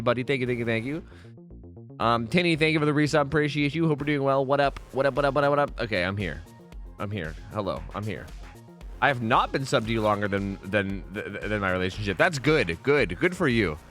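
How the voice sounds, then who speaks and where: Male streamer, lively pitch, salty rambling chat over faint music. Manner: swears a lot, rambling, thanks subscribers. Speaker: livestreamer. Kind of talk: casual livestream chat.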